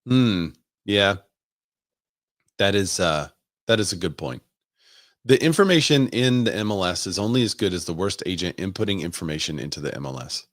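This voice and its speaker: A man's voice: sits low, expressive, normal speed, a bit bright, no echo, studio quality. A man who works as a real estate agent, hosting a casual live stream and thinking aloud as he asks viewers for their opinions.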